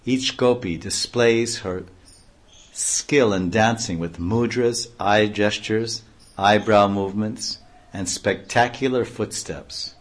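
A man's voice: on the low side, slow. A man giving a devotional reading aloud, breaking off into offhand comments and explanations. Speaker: reader and speaker.

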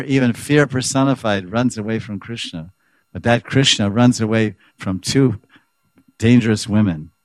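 A man with a low, grounded voice leads a scripture class, reading a commentary aloud and unpacking it line by line. He grows animated as he acts out the quoted speakers. The sound is close and dry, with no room echo. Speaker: spiritual teacher.

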